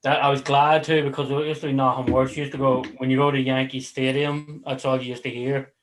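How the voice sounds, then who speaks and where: A man's voice: medium pitch, flat delivery, fairly quick, poor audio. Male host, casual rambling delivery, loose and profane, on a video call. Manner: rambling, swears casually, chuckles. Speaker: livestream host. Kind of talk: casual chat.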